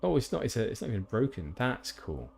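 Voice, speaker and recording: A man's voice: mid-range voice, big pitch swings, brisk, vocal fry, darkish tone, husky. A man streaming a game, chatting casually with rambling, self-deprecating asides. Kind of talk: casual gameplay commentary.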